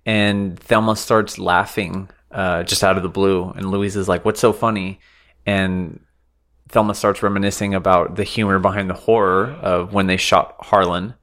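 Casting: low-pitched male podcast host, casual and profane scene recaps. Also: level tone, moderate pace, fairly bright tone. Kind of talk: casual film recap chat.

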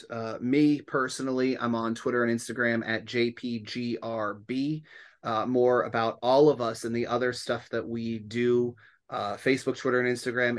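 A man hosting a podcast in casual chat, rambling and laughing often. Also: mid-range voice. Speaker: podcast host.

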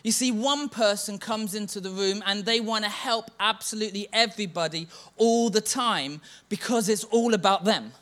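Guy preaching at church, high bright voice, tells stories and mocks the me-me-me attitude. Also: normal speed, hardly any pauses. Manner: storytelling, chants a mocking refrain. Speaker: church leader. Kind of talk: sermon.

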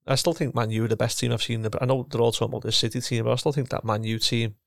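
A man's voice: mid-range voice, level tone, rapid-fire, creaky, dry recording, studio quality. A middle-aged man, a former footballer and coach chatting casually, rambling and restarting his sentences. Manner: rambling, repeats words, restarts often. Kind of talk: casual chat.

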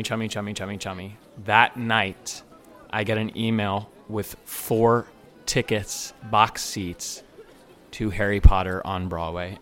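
A man's voice: lowish voice, fairly bright tone. A man who works as a bartender and server tells an enthusiastic personal anecdote. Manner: earnest, enthusiastic storyteller.

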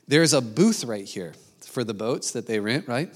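A man preaching a sermon, telling a lively story and acting out the people in it. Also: medium pitch, normal speed, few pauses. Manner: animated storytelling, acting out quoted voices. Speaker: pastor.

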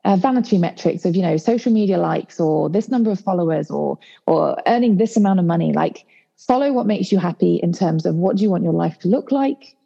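A woman with a gravelly, mellow voice chats as a podcast guest, relaxed and quick to laugh. Her sound comes through slightly dull, as if from a remote line. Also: on the low side. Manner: relaxed, laughing easily, hesitant fillers. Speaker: yoga teacher guest. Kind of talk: casual podcast interview.

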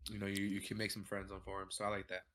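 A man's voice: lowish voice, completely flat delivery, very fast, fairly bright tone. A man co-hosting a podcast in casual chat, laid-back and tired, talking in gamer slang and swearing casually. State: yawning, tired. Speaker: podcast co-host.

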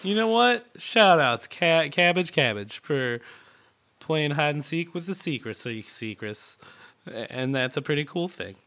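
A man trading jokes on a casual podcast, swearing freely and slipping into silly voices. His voice is bright, slightly high and swings widely in pitch. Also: lively intonation, measured pace. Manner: joking, profane, slips into goofy impressions. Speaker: podcast co-host. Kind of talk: casual chat.

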